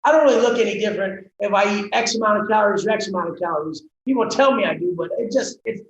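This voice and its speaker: A man guest on a podcast interview, talking bluntly and forcefully and swearing freely. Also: sits high, fast talker. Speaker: guest, fitness coach. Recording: roomy, dull sound with faint noise.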